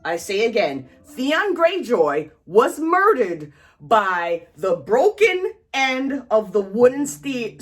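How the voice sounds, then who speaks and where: Woman vlogger, angry rant, high-ish voice, punchy stretched stresses, light music under. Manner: angry, emphatic, drawn-out stresses. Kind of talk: ranting commentary.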